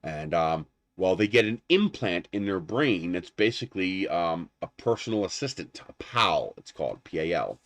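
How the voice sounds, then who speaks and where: A man's voice: sits low, normal speed, hardly any pauses, no room sound. Rambling man chatting on a livestream. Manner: rambling, animated, laughs at his own jokes. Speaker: livestream host. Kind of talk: casual livestream chat.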